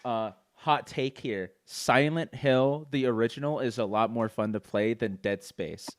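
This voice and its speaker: A young man chatting on a homemade podcast. He rambles and trips over restarts as he talks. His mid-pitched voice sits close and dry on the mic. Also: measured pace, no echo. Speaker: podcast host. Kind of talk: casual chat.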